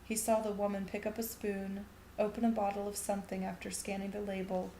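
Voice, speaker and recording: A woman's voice: mid-range voice, monotone, brisk, warm tone, a little hiss or hum. Woman reading a story aloud. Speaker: reader. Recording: echoey room.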